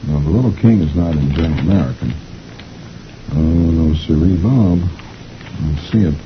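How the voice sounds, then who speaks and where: A man's voice: extremely low pitch, lively intonation, moderate pace, lo-fi sound, a little hiss or hum. A middle-aged man hosting a chatty reading of the comics, folksy and rambling, chuckling often. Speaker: host reading the comics aloud.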